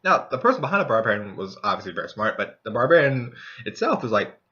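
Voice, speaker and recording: A man's voice: mid-range voice, big pitch swings, fast talker, bright, forceful tone. A young man casually telling a rambling, profane story about a tabletop game session. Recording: dull lo-fi recording.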